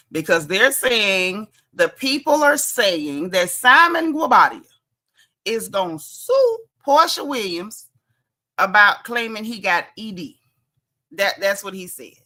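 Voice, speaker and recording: A woman's voice: mid-range voice, bright, forceful tone. A woman hosting a casual gossip commentary show, chatty and sassy, laughing and reading blog posts aloud with her own asides. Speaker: host.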